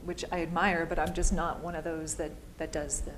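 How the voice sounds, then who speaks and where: A woman's voice: low voice, level tone, fairly quick, a little hiss or hum. A woman voice-over artist answering audience questions at a live panel, chatty and upbeat, laughing easily.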